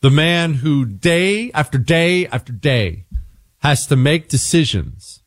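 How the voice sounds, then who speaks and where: A man's voice: fairly high pitch, no echo, clean studio sound. A man hosting a talk radio show, speaking conversationally and often stopping to correct himself.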